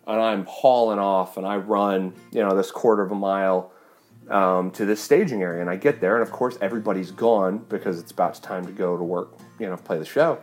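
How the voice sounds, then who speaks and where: A man's voice: low voice, brisk, faint music behind. A man, a touring fiddle player, animatedly retelling a story with lots of fillers. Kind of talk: casual storytelling.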